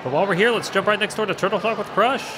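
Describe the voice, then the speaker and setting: A man's voice: high-pitched, very fast, noisy background. A man vlogging his day outdoors at a theme park, upbeat and enthusiastic as he talks to viewers. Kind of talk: casual vlog narration.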